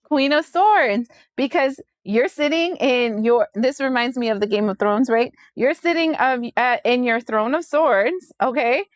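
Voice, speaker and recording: A woman giving a casual tarot reading, sassy and chatty, acting out other people's voices with big jumps in pitch. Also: lively intonation, unhurried, hardly any pauses, dry recording, clean studio sound. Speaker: tarot reader.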